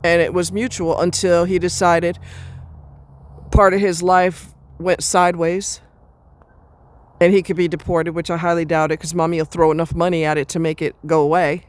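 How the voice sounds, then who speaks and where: A woman's voice: on the low side, little pitch movement, normal speed. A woman venting in a casual monologue, blunt and profane, rambling with restarts as she rants. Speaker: vlogger.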